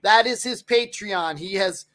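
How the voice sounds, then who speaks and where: A man's voice: high voice, measured pace, sharp tone. A man making announcements to viewers on a casual live stream before handing it over.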